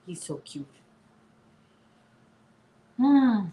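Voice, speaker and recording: A woman's voice: a little high, sing-song, very slow, mellow, reverberant, low-quality recording. A woman in her late forties hosting a casual live chat, talking to her viewers and her dog. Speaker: livestream host. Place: apartment room.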